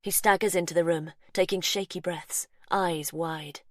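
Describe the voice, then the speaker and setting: A woman reading a suspense story aloud in slow, hushed, suspenseful narration. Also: lowish voice, fairly even intonation, dry recording, studio quality. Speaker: audiobook narrator. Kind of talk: scripted narration.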